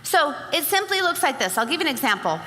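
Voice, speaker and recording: This woman's voice is high, sing-song, quick, pushed and bright as she delivers a motivational story to a sales-event crowd, voicing both sides of an exchange with plenty of energy. The recording comes from a large hall and carries reverb.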